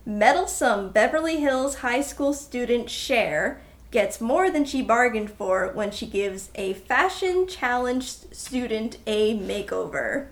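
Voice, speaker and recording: A young woman hosts a movie podcast in casual chat, her voice sitting a bit high. She talks loosely, full of "like", and reads blurbs aloud between jokes. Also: lively intonation, takes it slowly. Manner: chatty, many "like"s, reads descriptions aloud. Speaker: podcast co-host.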